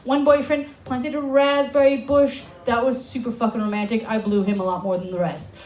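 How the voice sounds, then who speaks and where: A young American woman from Alaska doing a stand-up comedy set on a club stage, brash, sarcastic and full of swearing, with quick asides to the crowd. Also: fairly high pitch, steady tone, a little mellow, roomy sound. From Alaska, USA.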